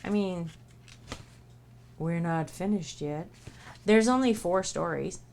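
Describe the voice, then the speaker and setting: A woman's voice: fairly low pitch, slow pace, vocal fry, darkish tone, a little hiss or hum. A woman hosting a live stream, chatting playfully and reading a booklet aloud. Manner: playful, jokey, laughs often. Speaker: livestream host.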